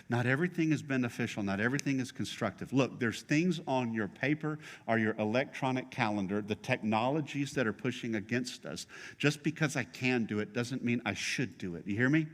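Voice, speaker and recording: A man's voice: fairly low pitch, normal speed, fairly bright tone, in a large hall. A middle-aged male pastor preaching a sermon in a conversational, joking way, teasing his congregation.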